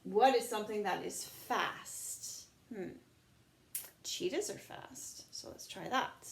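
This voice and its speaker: A woman teaching young children in an online lesson, slow and patient, sounding words out in a sing-song teacher voice. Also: medium pitch, vocal fry, slight background noise.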